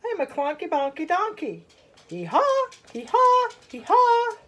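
A woman's voice: extremely high pitch, wildly swooping pitch, unhurried, a bit bright, pitched above the performer's own voice, full character voice. A woman voicing a clonky donkey in a sung children's storybook, braying hee-haws. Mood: goofy.

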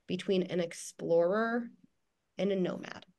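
A woman's voice: on the low side, a little slow, darkish tone. A woman psychologist giving earnest, reassuring parenting advice on a video call, with frequent restarts and filler words.

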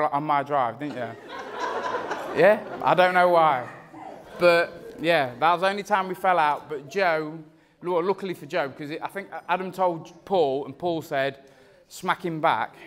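Lad, young adult, slightly high voice, rambling and teasing wedding speech delivery. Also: male voice, fairly bright tone. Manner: rambling, joking, teasing, self-interrupting. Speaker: friend giving a wedding speech. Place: wedding reception.

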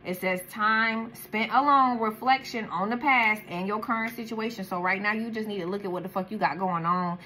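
A woman's voice: mid-range voice, moderate pace, few pauses, bright, forceful tone, a little hiss or hum. Blunt, profane woman reading tarot. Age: adult, has a daughter. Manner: blunt, profane, street slang. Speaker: tarot card reader.

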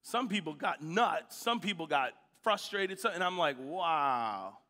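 Man pastor, high bright voice, animated sermon, church hall echo. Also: moderate pace. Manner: animated storytelling, shouting at peaks. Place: church sanctuary.

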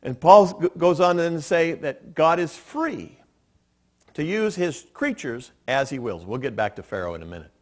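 Earnest preaching pastor, a man. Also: mid-range voice. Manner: earnest, steady explaining with dry self-deprecating asides. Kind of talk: sermon. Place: church sanctuary.

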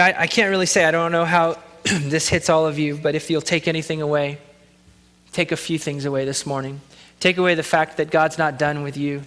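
A man's voice: fairly high pitch, fairly bright tone, long reverb tail. A man pastor preaching a sermon, in an earnest, conversational way.

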